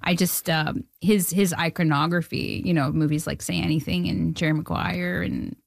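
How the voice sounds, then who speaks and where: A woman in her thirties from Canada, a filmmaker and former music journalist, telling stories in a casual interview with lively acted-out dialogue and frequent laughter. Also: deep voice, moderate pace, vocal fry, dry recording, studio quality. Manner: animated storytelling, acts out quoted dialogue, laughs often.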